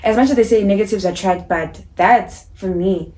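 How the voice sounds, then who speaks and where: A young woman in her twenties with a South African accent, telling a personal story in a casual, animated, slangy way. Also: mid-range voice, moderate pace. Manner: animated, acts out dialogue, slangy. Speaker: YouTuber.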